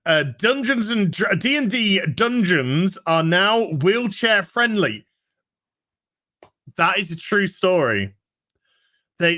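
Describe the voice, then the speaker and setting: A man, casually reading viewer messages on a livestream with jokey asides and sudden outbursts. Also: sits high. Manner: animated, jokey, with sudden shouts. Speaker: livestream co-host reading super chats.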